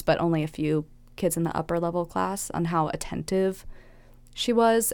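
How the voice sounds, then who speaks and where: A young woman recounts her past in an interview, candid and reflective, her slightly low voice carrying a gravelly edge. The sound is close and dry with no room around it. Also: no echo. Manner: candid, reflective, with quick laughs and acted-out quotes. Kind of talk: personal life-story interview.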